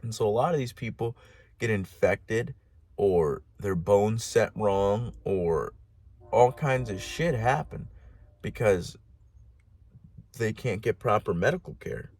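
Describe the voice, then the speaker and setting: A man's voice: on the low side, slow pace, a little mellow. A man hosting a podcast alone, rambling in a casual monologue with heavy swearing, lots of "like" and restarts. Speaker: podcast host.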